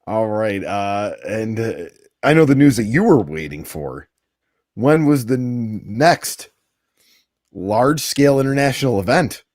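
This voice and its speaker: A man's voice: lowish voice, animated, unhurried, darkish tone, no room sound, studio quality. A man co-hosting a podcast, going over news items in a casual chat with easy laughs. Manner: reads out news items, then chats with a laugh. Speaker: podcast co-host.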